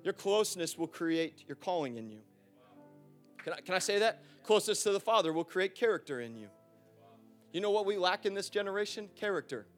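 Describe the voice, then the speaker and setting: Brief: high-pitched male pastor, casual and lively, faint music behind. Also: fairly quick. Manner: animated, chatty, acts out scenes, asks the room questions. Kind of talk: sermon. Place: church.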